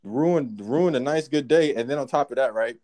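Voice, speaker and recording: A man casually telling a work story among friends, profane and animated, acting out what people said. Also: mid-range voice, normal speed. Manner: profane, animated, acts out quotes.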